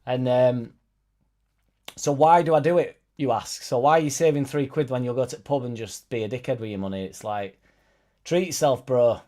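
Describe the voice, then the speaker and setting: A man's voice: medium pitch, normal speed, dark tone. A young man hosting a football fan live stream, chatting loosely and reading out viewers' comments with sweary, joking banter.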